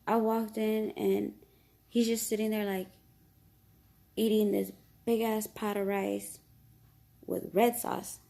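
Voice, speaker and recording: A woman's voice: medium pitch, little pitch movement, slow pace, gravelly, long pauses, mellow. A woman telling a long story in a casual, rambling way, with many fillers and mild swearing.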